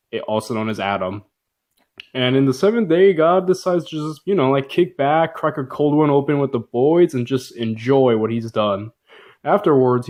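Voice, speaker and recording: A man's voice: mid-range voice, a little mellow. A man narrating a Bible story in a jokey, casual style, full of slang and fillers. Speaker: video narrator.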